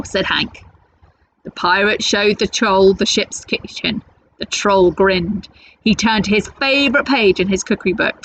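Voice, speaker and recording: A woman teacher reading a picture book aloud to children, with expressive storytelling. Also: medium pitch, moderate pace, a little hiss or hum, low-quality recording.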